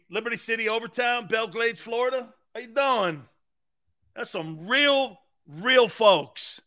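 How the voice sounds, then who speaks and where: Man, sports talk host, high voice, bright and forceful, rambling anecdotes, frequent laughter. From Sicilian-American heritage. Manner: rambling storytelling, acting out quoted voices; laughs often between lines. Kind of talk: animated sports talk show banter.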